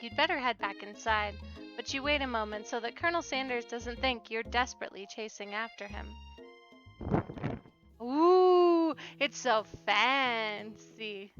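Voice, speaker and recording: A woman's voice: fairly high pitch, a little slow. A woman playing through a dating game, reading the narration aloud and making giggly, sarcastic asides. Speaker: let's-play host. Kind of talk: game playthrough with reading and commentary. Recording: dull lo-fi with background game music.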